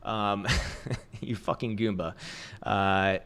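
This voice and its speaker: On a crypto trading livestream, a man with a lowish, fairly bright voice speaks at normal speed. He comments on charts casually and bluntly, swearing heavily, laughing often and restarting as he rambles.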